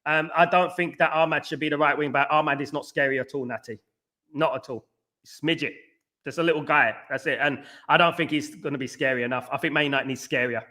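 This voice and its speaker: A young man from England, hosting a casual fan livestream, rambling, repeating himself and giving viewers shout-outs. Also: fairly high pitch, steady tone, fast talker. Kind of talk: casual livestream chat, reading viewer comments.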